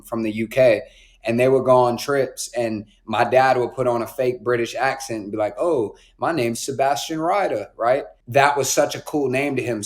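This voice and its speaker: A man in his twenties from North Carolina, a podcast guest telling stories in a relaxed, slangy way with plenty of "like" and "bro". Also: medium pitch. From Raleigh, North Carolina. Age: 20s. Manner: laid-back slang, frequent "like" and "bro". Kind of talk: casual storytelling.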